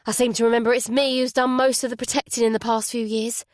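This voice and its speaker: A woman's voice: a little high, little pitch movement, quick pace, dry recording, clean studio sound, lightly acted. A woman voicing the detective's wry, reassuring sister in an audiobook. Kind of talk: audiobook character voice.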